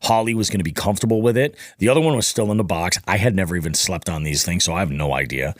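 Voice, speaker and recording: A man's voice: low voice, fast, dry recording, studio quality. A man guesting on a podcast, telling a casual, profane story and acting out what people said. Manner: animated, profane, acts out quoted dialogue.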